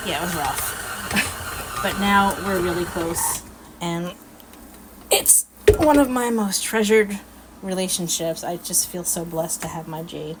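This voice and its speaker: Chatty mom in a noisy kitchen. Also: female voice, lowish voice, animated, a little slow, long pauses. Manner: chatty and folksy, laughing often. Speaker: cooking vlog host. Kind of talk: casual cooking demonstration. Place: home kitchen. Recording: loud background noise.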